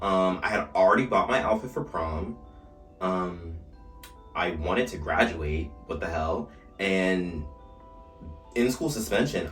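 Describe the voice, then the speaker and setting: A young man vlogger telling a story in a casual way while getting ready, with animated retellings. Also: sits low. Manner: animated storytelling, shouting re-enacted lines. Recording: echoey room, mic at a distance, faint music.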